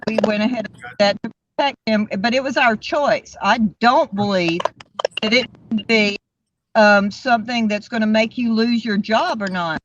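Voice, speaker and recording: A woman's voice: on the high side, normal speed. A woman co-hosting a livestream, chatting casually and laughing often. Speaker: co-host of a livestream. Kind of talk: casual group chat. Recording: dull lo-fi stream audio with faint hiss.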